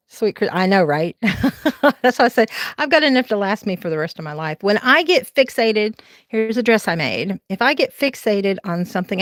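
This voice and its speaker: A woman's voice: mid-range voice, a bit bright, dry recording. Chatty Southern woman hosting a late-night craft stream. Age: 40s. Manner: chatty and rambling, laughs often, talks to her viewers. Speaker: crafting livestream host. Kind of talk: casual live-stream chat. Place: her home, moving from room to room.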